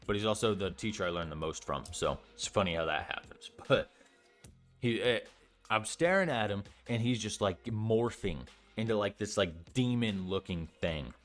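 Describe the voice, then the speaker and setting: A man's voice: fairly low pitch, moderate pace, faint music behind. A young man telling a story in a casual vlog, rambling with lots of fillers and swearing freely. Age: young adult. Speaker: storytime vlogger.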